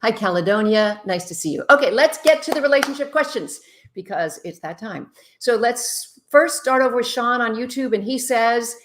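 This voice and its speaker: A woman's voice: fairly high pitch, animated, normal speed. Chatty woman hosting a live advice stream. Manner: chatty, reads out viewer comments and answers bluntly. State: tired after a long day. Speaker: relationship expert host. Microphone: webcam mic, moves toward and away from it.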